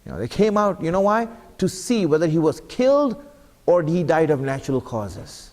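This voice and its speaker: A man's voice: on the high side, big pitch swings, normal speed, darkish tone. A man giving an earnest sermon at a mosque, putting repeated questions to the congregation. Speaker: speaker at an Islamic center. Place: mosque hall. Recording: long hall reverb.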